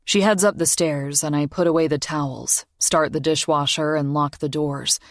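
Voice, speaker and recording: A woman narrating a romance audiobook in a measured, intimate first-person reading. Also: sits low, fairly even intonation, dry recording, studio quality. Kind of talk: scripted narration.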